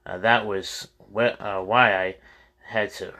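A man with a lowish, bright, forward voice reads a first-person memoir aloud. His delivery is plain and unpolished, with the odd slip he stops to correct. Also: steady tone, slow pace. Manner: plain reading with occasional slips and self-corrections. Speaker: audiobook reader.

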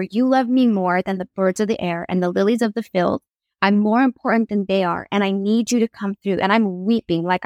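A young adult woman, a podcast guest, telling a personal faith story with lively acted-out quotes. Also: mid-range voice, no room sound, clean studio sound. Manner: animated, acts out quoted voices.

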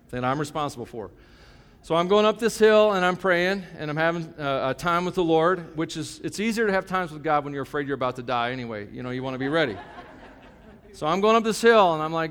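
A man's voice: on the high side, a bit bright. A man in his fifties, a pastor preaching a sermon in a conversational, joking and emphatic way. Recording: long hall reverb.

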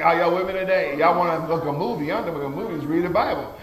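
A man's voice: a little high, fast, hardly any pauses. A male pastor preaching a sermon, calling out amen after amen, with folksy phrasing and stammered restarts. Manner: call-and-response preaching, frequent amens. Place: church sanctuary. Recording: echoey church room.

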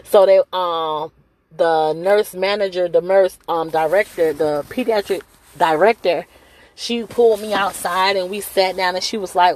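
A woman's voice: lowish voice, fairly even intonation, unhurried, a little mellow. A woman, a mother who works at a hospital, tells a personal story in a conversational, emotional way with many fillers.

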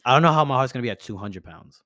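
A man's voice: medium pitch, lively intonation, racing, pushed and bright, no room sound, clean studio sound. A young man hosting a podcast, telling a story in casual chat with plenty of slang and swearing. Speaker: podcast host.

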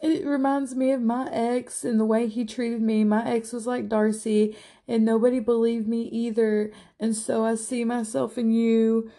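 Woman doing a fake-sweet young woman, high whiny pleading, tearful, put-on sugar. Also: level tone, measured pace, mellow.

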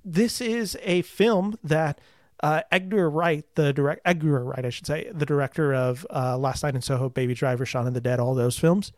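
A man's voice: fairly high pitch, steady tone, normal speed, no room sound, studio quality. A young man in casual conversation as a podcast host, enthusiastic and rambling with fillers. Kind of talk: casual chat about movies.

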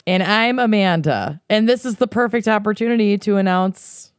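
A woman's voice: medium pitch, moderate pace, clean tone, no echo. Blunt wisecracking woman co-host, dry sound. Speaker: podcast co-host. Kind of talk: casual chat.

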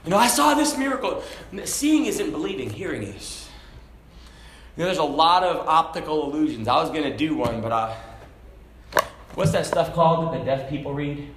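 A man preaching a sermon, moving between shouted passages and quiet, conversational asides. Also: on the high side, expressive, moderate pace, pauses often, roomy sound, background noise. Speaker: pastor.

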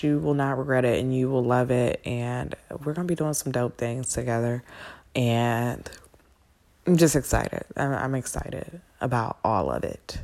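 A woman hosting a spiritual podcast, talking casually with sassy, animated asides. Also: very deep voice, vocal fry.

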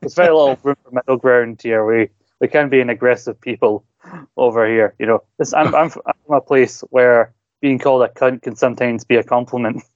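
A man's voice: medium pitch, steady tone, no echo. Scottish man on a dull line. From Scotland. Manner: halting, repeats words when starting. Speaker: podcast host. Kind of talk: casual interview chat.

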